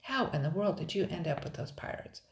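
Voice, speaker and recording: A woman's voice: lowish voice, animated, highs cut off, lightly acted. A woman reading a storybook aloud, voicing a talkative, defiant young girl. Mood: excited. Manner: rapid-fire questions, defiant. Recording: roomy echo.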